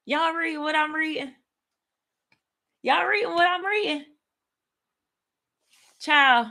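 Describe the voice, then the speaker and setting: A woman hosting a livestream Bible study, teaching in an excited, casual way and talking straight to her viewers. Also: sits high, very slow, gravelly, pauses often. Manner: animated, laughing, talks to viewers as y'all.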